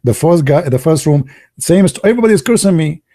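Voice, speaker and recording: A man whose first language is Arabic, telling stories casually in broken English, excitable and laughing at his own jokes. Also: a little high, fast talker. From Arab world. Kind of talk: casual storytelling monologue.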